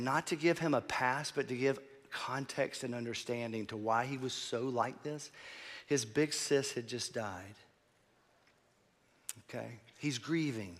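A man preaching a sermon as pastor, animated, swinging from quiet asides to loud emphasis. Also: medium pitch, long reverb tail.

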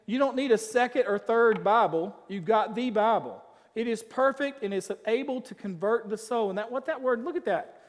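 High-voiced preacher in a reverberant church. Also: male voice. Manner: emphatic, swinging between loud declarations and quiet asides. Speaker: pastor. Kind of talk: sermon.

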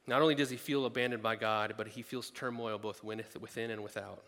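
A man preaching with a bright, forceful voice, talking with his listeners and then climbing to loud, emphatic peaks. His voice rings in a large hall with a long reverb. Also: fairly low pitch, steady tone, fairly quick, few pauses. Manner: conversational, rising to emphatic peaks. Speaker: pastor. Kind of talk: sermon.

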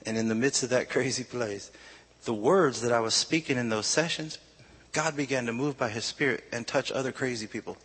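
A man preaching a sermon, telling his own story in a confessional way that builds to loud, shouted preaching. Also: mid-range voice, a little fast, husky. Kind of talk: sermon testimony.

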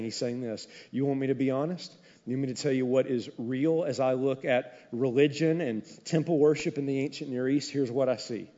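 A pastor delivers a sermon in a church sanctuary, preaching in an animated, conversational way with asides to the congregation. His voice runs a little high. The recording is dull and echoey, as in a large hall.

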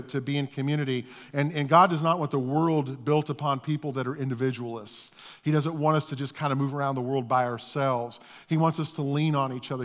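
A man's voice: on the high side, fairly bright tone. A middle-aged male pastor giving a conversational, self-deprecating sermon, often repeating his words as he starts a thought. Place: church sanctuary. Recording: long reverb of a church hall.

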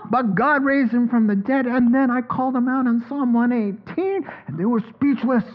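A fired-up apostle, played by a preacher, breathlessly tells the tale of his arrest in the first person. The voice sits fairly high. The recording sounds dull and lo-fi. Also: animated, a little slow. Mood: thrilled. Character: bold excited male apostle retelling his arrest.

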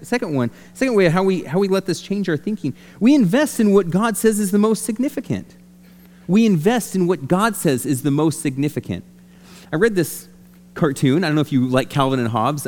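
A man preaching a sermon as a pastor, talking conversationally with lots of restarts. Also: on the high side. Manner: conversational, animated, many restarts. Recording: long reverb of a hall.

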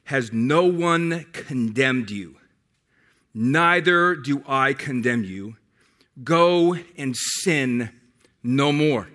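A man preacher voicing Jesus as a calm, gentle man speaking softly and slowly. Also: medium pitch, pitched below the performer's own voice. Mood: gentle, hushed. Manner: slow, hushed and tender.

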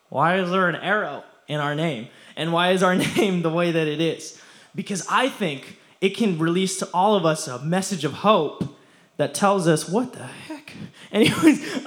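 A man's voice: sits high, fairly bright tone. A young man preaching a casual youth sermon, slangy and playful, often laughing as he talks.

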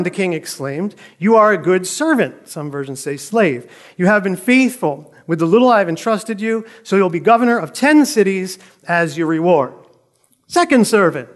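A male preacher with a fairly high, very animated voice that swings up and down as he speaks. He reads scripture dramatically and presses his points with rhetorical questions. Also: moderate pace. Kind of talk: sermon.

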